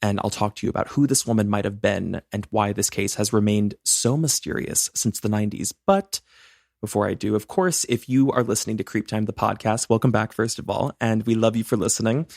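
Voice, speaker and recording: Male true-crime podcast co-host, chatty and jokey, slightly low voice, dry booth sound. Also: vocal fry, darkish tone, no room sound. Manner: chatty and bubbly, jokes and rambles.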